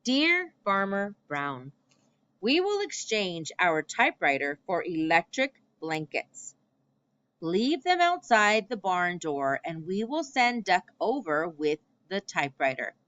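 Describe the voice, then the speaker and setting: A woman's voice: on the low side, sing-song, slow pace, a bit bright, highs cut off, heavily acted. A woman reading as polite, stubborn storybook cows. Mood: prim. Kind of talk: read-aloud storybook voice.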